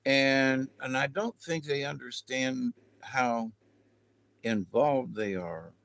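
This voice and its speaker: Man, livestream host, unhurried, rambling, casual chat, dry close sound. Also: mid-range voice, creaky, a bit bright, no room sound. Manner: slow, rambling, talks to viewers in chat, laughs often.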